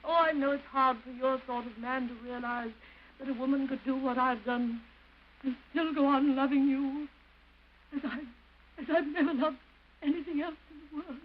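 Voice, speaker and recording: A woman's voice: sits high, dull audio. An actress playing a disgraced wife who begs tearfully to see her son, in theatrical early film style, on an old hissy soundtrack. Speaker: estranged wife. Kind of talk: early 1930s film acting.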